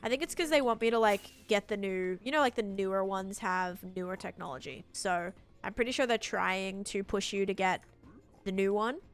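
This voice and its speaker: This livestream gamer, a young woman, talks casually while building, reading chat aloud at a normal speed in a smooth voice. Soft music plays in the background, and she now and then impersonates a voice assistant by raising her voice.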